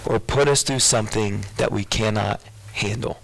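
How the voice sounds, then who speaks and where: A man's voice: fairly low pitch, moderate pace, creaky, fairly bright tone, a little hiss or hum, rough recording. A man preaching a sermon as a pastor, calling out questions to his congregation. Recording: radio broadcast of a church sermon.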